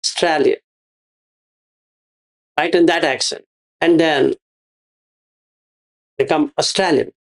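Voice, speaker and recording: A man's voice: a little high, steady tone, unhurried, gravelly, pauses often. A man giving a Buddhist teaching, repeating his phrases and asking rhetorical questions. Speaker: meditation teacher.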